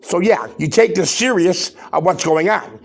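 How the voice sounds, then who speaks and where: Gravelly, husky man ranting emphatically. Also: high-pitched, moderate pace. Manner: emphatic, fires rhetorical questions; loud, worked-up. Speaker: podcast host. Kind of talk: ranting commentary.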